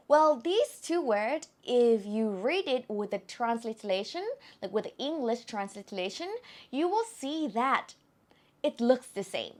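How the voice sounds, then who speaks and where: A woman with a Thai accent teaching an online language lesson, speaking slowly and carefully and repeating words to model their tones. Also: a little high.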